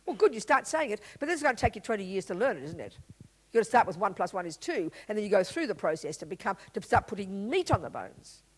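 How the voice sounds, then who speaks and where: A woman's voice: mid-range voice, fast, breathy edge, low-quality recording. A woman giving a Buddhist teaching talk, blunt and emphatic, full of rhetorical questions. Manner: blunt and lively explaining.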